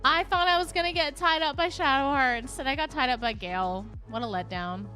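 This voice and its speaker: A woman's voice: high-pitched, fairly quick, few pauses, sharp tone, soft background music. A young woman streamer chatting casually with her live viewers, rambling and laughing often.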